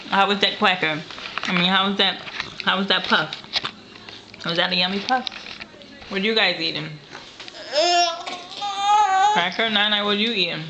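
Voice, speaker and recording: A woman's voice: medium pitch, moderate pace, long pauses. A young woman filming small children at a home meal, coaxing them in sing-song baby talk. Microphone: handheld home camcorder. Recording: loud background noise on a home camcorder.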